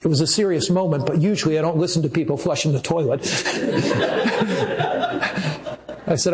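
A man preaching a sermon as a pastor, telling stories earnestly with slow, emphatic phrasing. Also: fairly high pitch, heavy background noise. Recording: echoey room.

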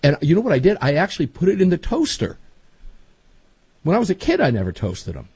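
Folksy rambling man, lively husky voice. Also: fairly high pitch, fast, dry recording. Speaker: talk show host. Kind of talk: casual chat.

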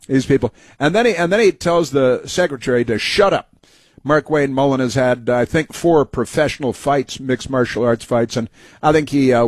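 A man's voice: medium pitch, no echo. A man hosting a talk show, giving heated, mocking opinion commentary full of fillers and restarts.

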